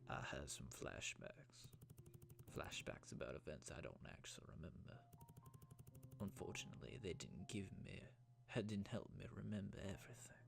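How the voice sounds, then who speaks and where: A man voicing a troubled, guilt-ridden ex-lawyer in a game, talking low and half-whispered. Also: animated, moderate pace, vocal fry, over music, heavily acted. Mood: brooding, hushed.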